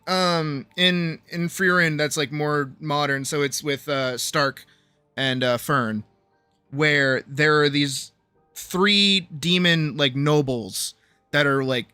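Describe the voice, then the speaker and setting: Guy on stream, kinda high bright voice, animated and swears a lot, dry close mic. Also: unhurried, no echo, faint music behind. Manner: animated, profane storytelling. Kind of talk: casual chat.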